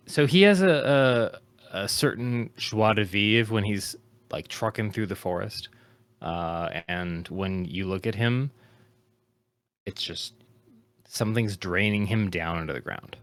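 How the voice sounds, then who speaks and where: Man, tabletop player, slow, dry close sound. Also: lowish voice, no echo. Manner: loose and chatty, many fillers. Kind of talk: casual tabletop game chat.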